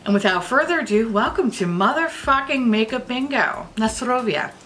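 A tipsy woman vlogger chatting with a bright, ringing voice that swoops all over. She rambles playfully, giggles often and swears without a second thought. Her tone stays loose and cheerful throughout. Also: on the high side, expressive, normal speed, faint music behind. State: tipsy from drinking. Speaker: beauty vlogger host. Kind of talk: casual chatty vlog.

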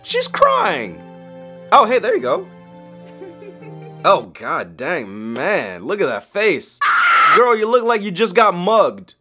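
Male YouTube host, high and animated, cracking jokes and exclaiming through a reaction video. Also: takes it slowly, pauses often, loud music behind the voice. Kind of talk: reaction commentary.

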